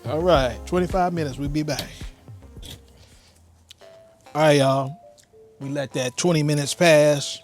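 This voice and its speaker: Excited man cooking outdoors. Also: fairly high pitch, measured pace, pauses often, soft background music. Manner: excited, chatty, addresses viewers as y'all. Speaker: home barbecue cook. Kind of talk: casual cooking vlog. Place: outdoors by a smoker in winter.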